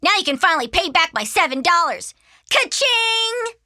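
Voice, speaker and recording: A woman's voice: extremely high pitch, expressive, fast talker, voice pushed up. Woman doing a cheeky bossy little sister. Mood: teasing.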